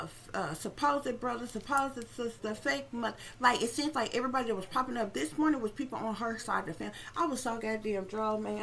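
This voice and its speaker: A woman's voice: a little high, gravelly, bright, forceful tone, slight background noise. A woman psychic reader talking casually and bluntly to her viewers, swearing often and checking in with asides as she tells a story.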